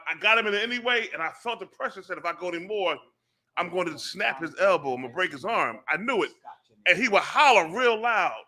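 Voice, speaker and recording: A man with a very bright, sharp, high-set voice recounts a story in loose, slangy talk. He gets emphatic and animated as he goes. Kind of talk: casual storytelling.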